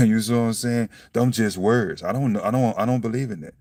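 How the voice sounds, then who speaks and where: A young man, a self-styled preacher vlogger, delivers a casual spiritual monologue in a low, gravelly voice, talking about faith loosely and bluntly at a fairly quick pace. He swears freely, keeps asking "you see what I'm saying," and now and then breaks into loud laughs. The sound is dry with no room tone, picked up from a distant mic.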